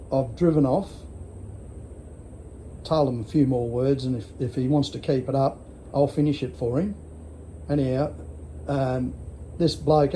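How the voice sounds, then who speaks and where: Slight background noise accompanies a warm, medium-pitched voice belonging to an Australian man in his sixties. In his casual vlog, this vlogger spins a rambling yarn, speaking bluntly and swearing heavily.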